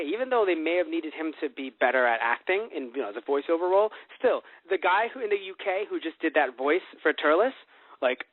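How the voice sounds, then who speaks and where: A man hosting a casual podcast chat, rambling and animated with lots of fillers. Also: sits high, dry recording. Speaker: podcast host. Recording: tinny phone-like dry sound.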